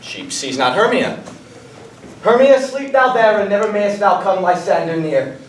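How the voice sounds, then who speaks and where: A young actor playing an ardent young lover, speaking verse earnestly in a school stage performance. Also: male voice, high-pitched, expressive, a little slow, a little hiss or hum. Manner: earnest, wooing verse delivery. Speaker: student actor. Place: theatre workshop room. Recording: echoey room, from far off.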